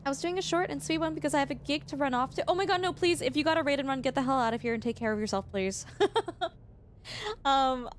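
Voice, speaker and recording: A woman's voice: fairly high pitch, a little hiss or hum. A woman streamer chatting casually with her live viewers, bubbly and effusive, laughing often.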